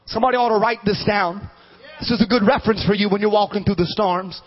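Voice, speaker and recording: A man preaching a sermon as a bishop, swinging between fervent shouts and quiet, low asides. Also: lively intonation, fairly quick, muffled recording.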